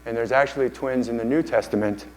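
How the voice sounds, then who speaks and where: A man's voice: medium pitch, fast talker, a little hiss or hum, rough recording. A man giving a conference lecture with enthusiasm, often repeating and restarting phrases. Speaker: conference speaker. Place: conference hall.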